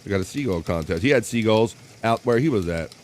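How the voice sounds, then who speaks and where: A man's voice: fairly low pitch, animated, fast talker, a little hiss or hum. Guy hosting a live stream, chatty and jokey, reading out chat comments. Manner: chatty, joking, reads viewer comments aloud. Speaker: live show host.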